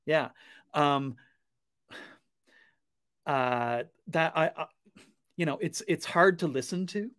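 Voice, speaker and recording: A man's voice: on the high side, takes it slowly, long pauses, a bit bright, no room sound, clean studio sound. A man co-hosting a casual online panel discussion, speaking hesitantly with many fillers and hedges.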